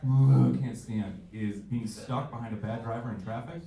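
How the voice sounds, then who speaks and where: A man's voice: medium pitch, normal speed, vocal fry, mellow. A man in his twenties doing a stand-up comedy set, with a loose, self-mocking delivery and bursts of acted-out voices. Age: 20s. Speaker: stand-up comic. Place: comedy club stage. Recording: echoey club audio from far off.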